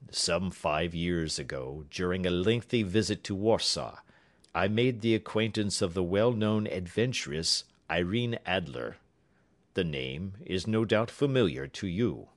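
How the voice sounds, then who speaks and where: A man voicing a haughty Bohemian king with a deep, harsh voice and a German accent. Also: expressive, unhurried. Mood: confiding.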